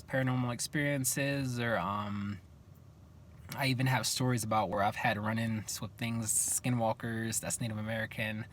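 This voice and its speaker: A young man vlogging, telling stories in a casual, animated way and acting out what each person said. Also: mid-range voice, slight background noise. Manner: animated, acts out what people said. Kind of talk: casual storytelling to camera.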